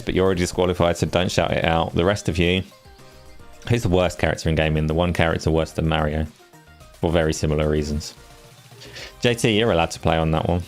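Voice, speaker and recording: A man with a very low, deep voice hosts a relaxed live stream, needling his guest with playful, opinionated jabs. Faint music plays quietly behind him. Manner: teasing, opinionated banter. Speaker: stream host. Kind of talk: casual live-stream chat.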